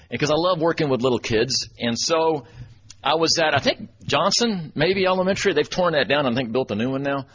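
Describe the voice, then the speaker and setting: A man's voice: medium pitch, a bit bright, slightly rough. A man from Texas giving a folksy, self-deprecating storytelling talk at church, chuckling as he goes. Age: 40s. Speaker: church speaker and webmaster. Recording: dull lo-fi recording with faint noise.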